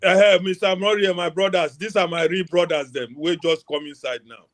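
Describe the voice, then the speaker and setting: A man's voice: sits high, fairly even intonation, normal speed. A Nigerian man calling in to a heated online political debate, talking emphatically and pleading for more time. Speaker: caller on a political talk show.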